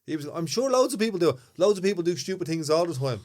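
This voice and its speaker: A man's voice: high-pitched, big pitch swings, darkish tone. Teasing Irish man on a podcast. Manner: jokey, teasing, quick to laugh. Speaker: podcast co-host. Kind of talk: casual chat.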